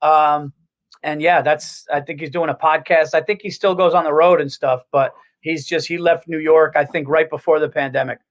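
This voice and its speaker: High-voiced man telling profane stories. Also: rough recording. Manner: profane, animated storytelling with quick restarts. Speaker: guest comedian. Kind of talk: casual podcast chat.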